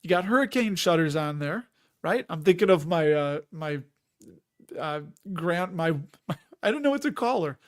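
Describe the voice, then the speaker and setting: A man hosting a live chat stream, talking in a loose, wandering way and sounding a bit worn out. His voice sits a little high for a man. He reads out viewer comments as he goes. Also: expressive, moderate pace. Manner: rambling, chatty, reads viewer comments aloud. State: tired.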